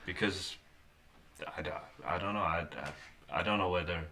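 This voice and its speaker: A man with a deep but very bright, edgy voice talks in a relaxed podcast conversation. He stops and restarts often while he works out what he means. His lines come loose and unscripted. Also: slight background noise. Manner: halting, many restarts. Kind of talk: casual podcast chat.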